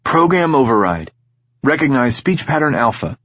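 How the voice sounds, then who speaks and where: A man's voice: mid-range voice, very animated, normal speed, no echo, muffled recording, pitched above the performer's own voice. A man doing Sid, a desperate young prisoner. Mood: commanding. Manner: strained, pained groaning pleas. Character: young male prisoner faking pain, desperate to escape.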